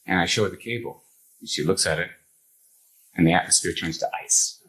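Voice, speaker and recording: An older man telling a personal anecdote to a live audience, animated, acting out the others' lines in the story. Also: low voice, a little fast, poor audio.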